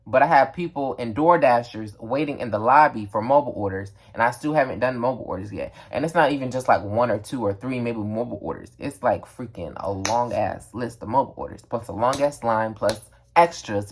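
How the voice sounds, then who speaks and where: A young man telling a casual storytime, animated and emphatic, with lots of slang. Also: medium pitch. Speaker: vlogger.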